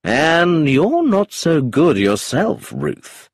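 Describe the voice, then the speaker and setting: A man's voice: fairly high pitch, very animated, drawn-out words, no room sound, studio quality, voice pushed up, heavily acted. A man playing a charming, amused rogue who is cold underneath, drawling and chuckling as he talks in a storybook reading.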